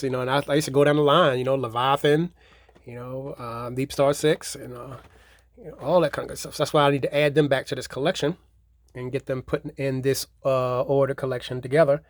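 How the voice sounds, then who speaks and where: A man's voice: mid-range voice, no echo. A man giving a casual, rambling show-and-tell of his movie collection, repeating himself and leaning on fillers. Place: home theater room.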